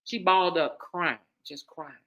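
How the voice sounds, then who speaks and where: A woman host, casually telling a personal story in a candid, emphatic way, moving between hushed asides and loud stresses. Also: fairly low pitch, measured pace, lo-fi sound.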